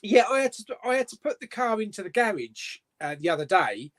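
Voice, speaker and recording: A man's voice: high-pitched, sing-song, brisk, a bit bright. A man hosting a casual live-stream chat, rambling along with lots of fillers and restarts. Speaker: host.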